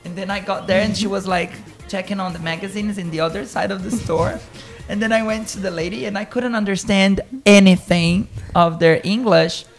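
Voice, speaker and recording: A woman tells stories in a lively way and often breaks into laughter. Her voice sits at a middle pitch for a woman. Light music runs quietly underneath. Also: normal speed, few pauses. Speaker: teacher. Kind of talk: casual podcast chat.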